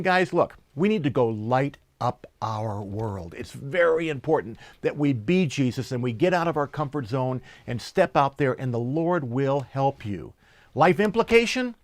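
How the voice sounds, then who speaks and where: A man preaching a sermon and reading scripture, telling stories with lively energy and slowing down for emphasis. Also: medium pitch, dry recording. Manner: animated storyteller, slows for emphasis, laughs while telling. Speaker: pastor.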